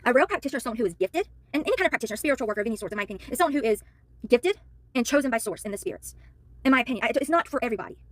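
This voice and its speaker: A tired, worn-out woman who works as a spiritual worker and tarot reader, ranting to camera in a heated, exasperated way and apologizing for yelling. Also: on the high side, animated, very fast, no echo.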